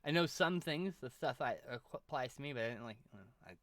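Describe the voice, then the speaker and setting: A man's voice: mid-range voice, fast, a bit bright, no echo. A man chatting casually on a live art stream, rambling, restarting sentences and swearing offhand. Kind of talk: casual chat while drawing on stream.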